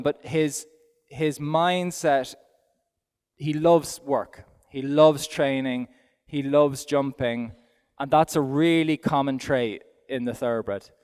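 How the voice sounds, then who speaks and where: A man's voice: mid-range voice, a little mellow, smooth. Irish man riding and talking, echoing arena. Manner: talks aloud while riding, chatty and self-deprecating. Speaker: event rider giving a riding demonstration. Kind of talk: live demonstration commentary. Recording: long hall reverb from an arena.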